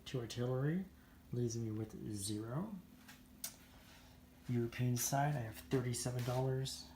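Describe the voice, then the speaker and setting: A man's voice: lowish voice, warm tone, slight background noise. A man narrating his own turn in a tabletop strategy game, methodically counting out moves and dice rolls as he goes. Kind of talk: casual tabletop game commentary.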